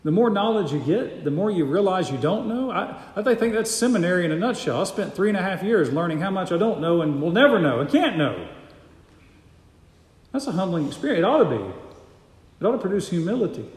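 A man's voice: high voice, sing-song, a little fast. A man preaching a sermon as a pastor, emphatic and repeating his key phrases for weight. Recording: echoey hall.

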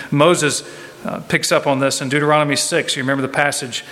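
A man's voice: on the high side, steady tone, fairly quick, sharp tone, big-room sound, soft background music. A man preaching a sermon as a pastor, emphatic, building his points through repeated refrains.

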